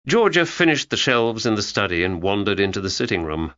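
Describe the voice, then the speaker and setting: A man reads an audiobook with expressive storytelling, his pitch moving a lot. His voice is bright and forceful, heard through a dull, lo-fi recording. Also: a little fast, few pauses, no room sound. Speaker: audiobook narrator. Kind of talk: scripted narration.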